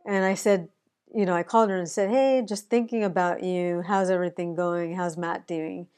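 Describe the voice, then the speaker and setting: A woman's voice: on the low side, steady tone, moderate pace, a little mellow, smooth. A woman who works as an autism educator, talking earnestly and conversationally to the camera about honesty with feelings. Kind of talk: casual personal talk to camera.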